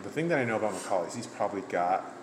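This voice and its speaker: A man's voice: on the low side, animated, fast talker, roomy sound, in a large hall, a little hiss or hum. A man and comedian chatting casually, blunt and profane. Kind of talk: casual chat.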